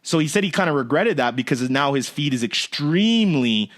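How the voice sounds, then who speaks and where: A male podcast host in a relaxed interview, with a fairly high voice for a man. He tells anecdotes with lots of energy and jumps up in pitch when he acts out what other people said. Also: brisk. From Canada. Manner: animated storyteller, acts out quotes in a raised voice. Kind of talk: casual interview chat.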